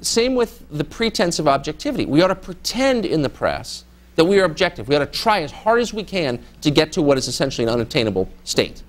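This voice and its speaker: During a candid audience Q&A, a middle-aged journalist guest takes student questions with a sardonic edge, slipping into mock voices to mimic people. He speaks quickly, his voice on the high side and sing-song.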